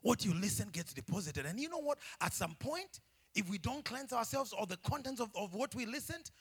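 Man, pastor preaching, very high voice, bright and husky, shouting and laughing in church. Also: very animated, a little fast. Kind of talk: sermon.

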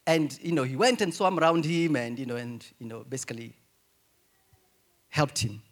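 A male pastor preaching a sermon in an animated way, moving between hushed asides and loud, emphatic cries. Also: medium pitch, normal speed.

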